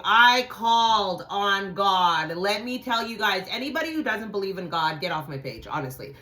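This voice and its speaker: A woman's voice: medium pitch, expressive, normal speed, hardly any pauses, sharp tone. A woman hosting a vlog, telling a frightening personal story in an intense, profane, dramatic way. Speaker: channel host.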